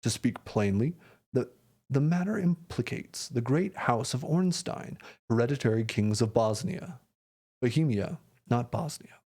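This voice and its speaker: A man reading aloud, voicing a huge, grave foreign nobleman in a lowered, weighty voice. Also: expressive, mellow. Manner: deep, slow and weighty, lowered voice.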